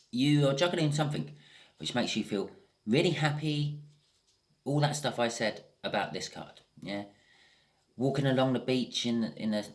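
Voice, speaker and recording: A man giving a casual tarot reading, thinking aloud with frequent restarts and the odd swear word. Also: lowish voice. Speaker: tarot reader.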